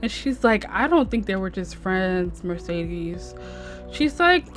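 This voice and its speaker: Over soft background music, a young woman's expressive, unhurried and slightly bright medium-pitched voice narrates a casual let's-play. This gameplay streamer chats in slang and gives her sims voices, quoting them with "she's like."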